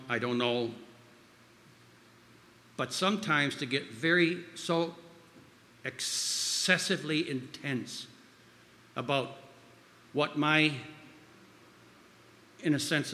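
A man's voice: on the high side, slow, long pauses. A man giving an informal sermon with stories, rambling with frequent restarts and fillers. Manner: acts out quoted voices loudly. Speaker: speaker at a church gathering. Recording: long hall reverb.

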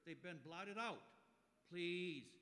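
A man preaching a sermon in a church, earnest and building to loud, emphatic peaks. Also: medium pitch, animated, normal speed, big-room sound. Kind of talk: sermon with read-aloud story. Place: church sanctuary.

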